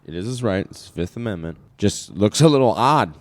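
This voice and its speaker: A man's voice: on the low side, animated, fairly quick, no echo. A man co-hosting a podcast, chatting casually with wry, joking asides. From Iowa. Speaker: podcast co-host. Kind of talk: casual political chat.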